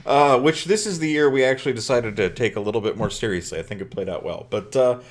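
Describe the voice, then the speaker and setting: A man's voice: mid-range voice, expressive, fast. A man co-hosting a podcast in casual chat, joking and laughing often. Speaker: podcast co-host.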